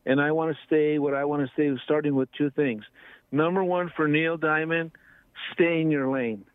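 A man calling in to a talk radio show, friendly and a bit halting, with slow fillers. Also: on the high side, fairly even intonation, no room sound. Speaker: caller. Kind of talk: phone-in caller chat. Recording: tinny dry phone line.

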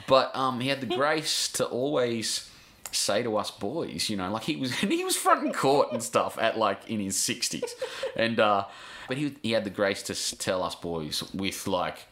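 Heartfelt Australian man, low voice. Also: very animated, moderate pace, fairly bright tone. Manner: rambling, heartfelt, swears casually, restarts a lot. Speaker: guest journalist. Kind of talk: emotional podcast interview.

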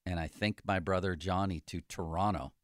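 A man, a sports journalist, chatting casually about sports in a lively, joking way. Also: low voice, no echo, studio quality. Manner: lively, joking, quick to laugh.

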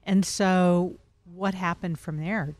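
A woman's voice: on the low side, steady tone, slow, darkish tone, no room sound. A woman hosting an interview, asking questions and giving brief affirmations. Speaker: interview host.

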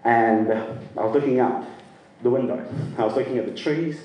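A middle-aged man from Sri Lanka telling a funny personal story to a live audience, lively and self-mocking, often laughing. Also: mid-range voice, normal speed, dull audio. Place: performance venue. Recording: roomy sound from a distant mic.

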